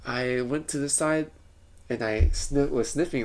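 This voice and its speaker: A man's voice: medium pitch, fairly quick, gravelly. A man telling a rambling, self-correcting story in a casual vlog. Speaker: vlogger.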